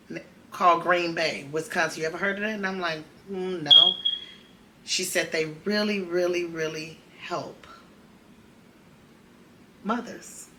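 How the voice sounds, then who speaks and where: A woman's voice: lowish voice, bright, forceful tone, a little hiss or hum. A woman, host of a podcast, telling a personal story in a conversational, emotional way and acting out the dialogue. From Chicago.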